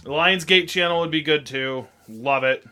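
A man's voice: fairly high pitch, unhurried, sharp tone. A man hosting a casual radio show, joking and reading entertainment news.

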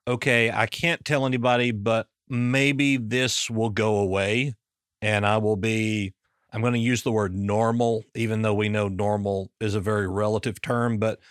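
Smooth-voiced man asking probing questions. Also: on the low side, fairly even intonation, normal speed, no room sound, studio quality. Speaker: interviewer. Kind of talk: interview questioning.

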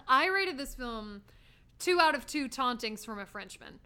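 Woman co-host, fairly high and bright-toned; giggly, rambling, friendly film-chat energy. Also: lively intonation, a little slow, clean tone. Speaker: podcast co-host. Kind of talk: casual movie-review chat.

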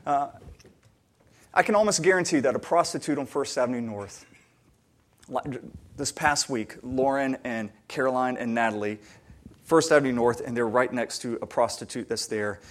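A man preaching a sermon, earnest and conversational, often restarting his sentences and building to emphatic, louder peaks. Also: mid-range voice, normal speed. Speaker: pastor.

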